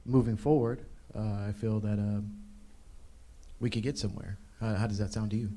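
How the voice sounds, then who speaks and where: A man with a low, mellow voice, speaking in a leadership workshop role-play. He pauses often and fills the gaps with hesitant sounds, over faint background noise. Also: fairly even intonation. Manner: hesitant, with many filler sounds. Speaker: workshop participant.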